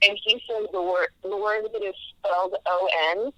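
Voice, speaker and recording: A woman's voice: mid-range voice, steady tone, normal speed, dry recording. A woman calling in to a podcast by phone, explaining things in a friendly, matter-of-fact way. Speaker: caller. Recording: phone line.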